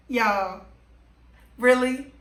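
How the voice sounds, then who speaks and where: High-voiced woman telling an exasperated story. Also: a bit bright. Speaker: vlogger. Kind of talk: storytime vlog. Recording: roomy echo.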